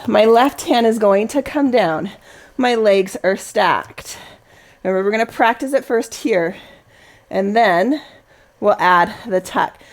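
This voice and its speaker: Speaking slowly in a mid-range voice with lively intonation, a woman guides a Pilates class, offering encouraging cues and counting the reps down.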